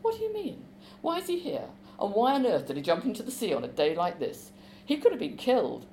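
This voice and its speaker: A woman reading aloud as an alarmed teenage girl, asking high, strained questions. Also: wildly swooping pitch, brisk, mellow, slight background noise. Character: teenage girl, anxious and urgent.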